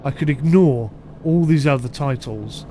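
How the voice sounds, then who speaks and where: A man's voice: mid-range voice, a little slow, dark tone, slight background noise. A man with a mixed southern English accent giving chatty, rambling live commentary over a ship simulator and answering his chat. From United Kingdom. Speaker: streamer.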